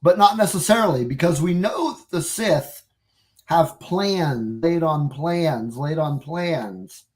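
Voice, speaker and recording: Podcast cohost talking real slow, lots of ums and uhs. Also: medium pitch, lively intonation, darkish tone. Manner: hesitant, lots of fillers. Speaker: podcast co-host. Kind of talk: casual chat.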